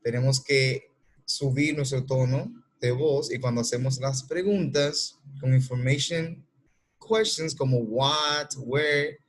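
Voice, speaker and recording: Dominican male English teacher, slow and husky, patient, models each answer. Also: medium pitch, fairly even intonation. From Dominican Republic. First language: Spanish. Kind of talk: classroom lesson explanation.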